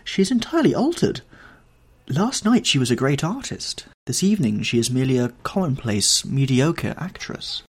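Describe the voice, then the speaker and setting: A man's voice: mid-range voice, big pitch swings, moderate pace, husky, pitched above the performer's own voice. A man doing a bitter, wounded young man. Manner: hard, bitter and raised.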